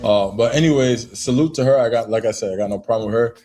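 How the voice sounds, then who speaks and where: A man talking briskly and defensively about his channel in a casual monologue. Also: medium pitch, mellow, faint music behind. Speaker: content creator.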